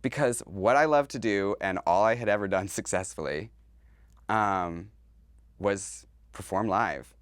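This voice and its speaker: A man's voice: fairly low pitch, unhurried, dry recording, studio quality. A man, a drag performer, talking candidly as a podcast guest and slipping into other people's voices while telling stories. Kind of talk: casual interview.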